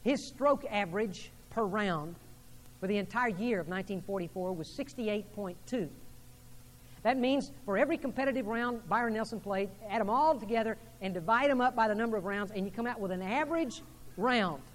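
A man's voice: high voice, a little fast, in a large hall, poor audio. Male pastor preaching in a church. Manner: preaching with rising emphasis on questions. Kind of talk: sermon. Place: church sanctuary.

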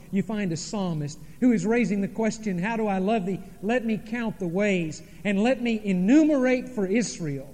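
Brief: male pastor, high voice, dramatic sermon delivery, long church reverb. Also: mellow. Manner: dramatic preaching, pauses and sudden drops in volume. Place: church sanctuary.

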